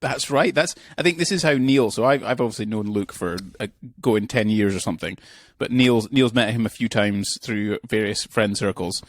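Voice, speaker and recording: A man's voice: on the low side, normal speed, hardly any pauses, no room sound. A man hosting a casual podcast, introducing his guest with rambling, jokey banter. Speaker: podcast host.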